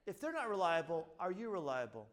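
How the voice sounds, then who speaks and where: With a high, somewhat bright voice, huge pitch swings, and a slightly fast pace, a middle-aged chiropractor casually tells a seminar audience stories from his practice. He acts out the lines he quotes and repeats "blah, blah" often.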